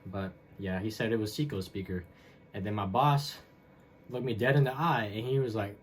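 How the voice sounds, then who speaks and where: A man's voice: on the low side, steady tone, moderate pace, breathy edge. A young man hosting a podcast, telling a story alone in a loose, rambling way with lots of fillers and slang. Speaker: podcast host. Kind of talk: casual solo storytelling monologue.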